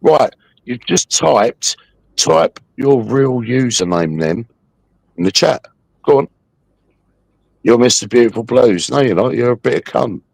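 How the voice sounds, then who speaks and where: A man's voice: medium pitch, lively intonation, unhurried, creaky, long pauses, a little mellow, husky, no room sound. A man hosting a livestream, taunting a viewer in a mocking, aggressive rant full of swearing. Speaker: livestream host.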